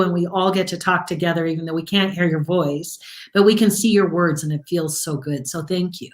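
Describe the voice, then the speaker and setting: A woman with a lowish voice talks warmly and emotionally, addressing her viewers directly on a live stream. She is effusive and heartfelt. The sound is roomy, with a noticeable echo. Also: steady tone, brisk. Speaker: co-host of a live mindset show. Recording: echoey room.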